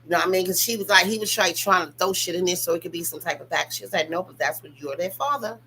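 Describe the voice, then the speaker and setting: A woman's voice: on the low side, very fast, bright, forceful tone, a little hiss or hum, low-quality recording. A young woman giving casual, profane reality-TV gossip commentary, talking straight to her viewers. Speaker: commentary channel host.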